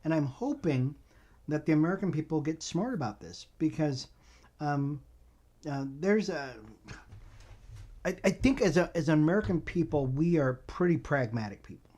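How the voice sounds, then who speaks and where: A man co-hosting a casual political chat on a faith podcast, speaking in a measured, deliberate way with frequent ums and repeated phrases. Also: a little high, animated, a little mellow, husky. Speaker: co-host.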